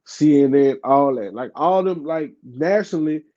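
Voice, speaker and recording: A man's voice: a little high, normal speed. A man in his thirties from New Orleans with a local accent, a podcast guest telling a story in casual talk, full of fillers and acting out what others said. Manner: animated, acts out quoted voices, heavy fillers. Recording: dull lo-fi podcast audio.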